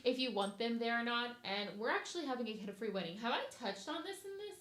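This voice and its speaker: A woman's voice: a little high, fast. A young woman hosting a casual podcast, talking bluntly and with energy about her wedding plans. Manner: blunt, animated, ranting. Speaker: podcast host, bride-to-be. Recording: echoey room.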